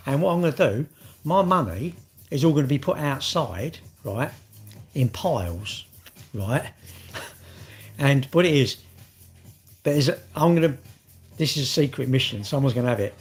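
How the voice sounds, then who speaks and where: A man's voice: mid-range voice, lively intonation, measured pace, pauses often. A middle-aged man, rambling in casual vlog chat, swearing and joking. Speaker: vlogger.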